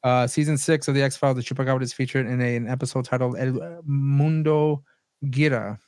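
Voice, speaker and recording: A man of middle pitch co-hosts a podcast in easy, casual chat. He laughs often and swears offhandedly as he reads out his notes. The sound is dry and close. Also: steady tone, brisk, a little mellow, no echo. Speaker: podcast co-host.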